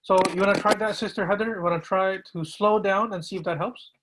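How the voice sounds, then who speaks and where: A man, an imam, patiently teaching pronunciation and repeating words slowly to gently correct students. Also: high voice, fairly even intonation, background noise.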